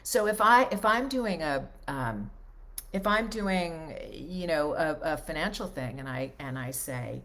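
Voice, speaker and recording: Lower-voiced woman coaching conversationally. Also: expressive, unhurried, fairly bright tone. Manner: conversational, often checks in with "right?" and "okay?"; emphatic, repeats key points. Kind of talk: casual coaching talk.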